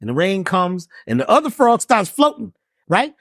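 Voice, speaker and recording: A man guest telling a folksy parable with a preacher's emphasis. His pitch swings widely as he builds his points. The audio is dry and close-miked. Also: big pitch swings, moderate pace, fairly bright tone, dry recording. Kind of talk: conversational storytelling.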